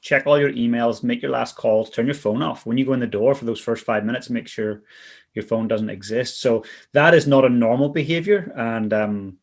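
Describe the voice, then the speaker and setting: A man's voice: medium pitch, moderate pace, vocal fry. A man hosting an interview, responding reflectively with frequent ums and uhs. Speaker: interview host. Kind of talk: casual interview talk.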